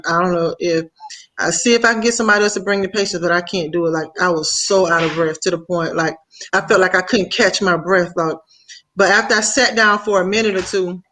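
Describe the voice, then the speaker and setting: A young woman guest on a panel, telling her own experience in a halting way with many pauses. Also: lowish voice, a bit bright. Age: young adult. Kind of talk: personal account on a panel.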